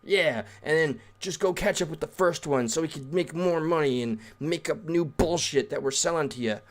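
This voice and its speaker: A man's voice: fairly high pitch, normal speed. A man reading an article aloud and breaking off into sarcastic, rambling asides in a casual reaction rant.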